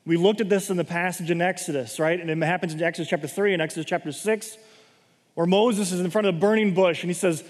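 Guy preaching in a big echoey hall, highish voice, reads a verse then stops to explain it, okay, right. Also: steady tone, fast talker. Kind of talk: sermon reading and explaining scripture. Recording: long reverb of a large hall.

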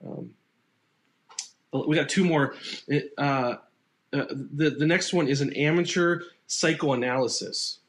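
A pastor giving a relaxed, conversational sermon, speaking unscripted and acting out sample replies in quoted voices. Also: male voice, fairly high pitch, slow pace, long pauses.

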